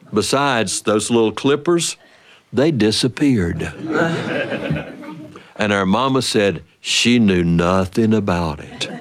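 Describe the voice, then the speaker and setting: An older man telling a family story in a folksy, playful, drawn-out way. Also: fairly low pitch.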